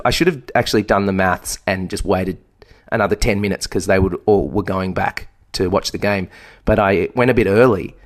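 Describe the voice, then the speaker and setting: A young man co-hosting a casual chat, telling a rambling, self-deprecating story. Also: lowish voice. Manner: rambling, self-deprecating, acts out quoted voices. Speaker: podcast co-host.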